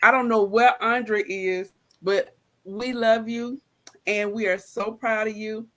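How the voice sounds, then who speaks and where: Slow-talking, bright-voiced woman host. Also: on the high side, steady tone. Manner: warm, chatty, laughs often, slangy. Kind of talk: casual live-stream chat.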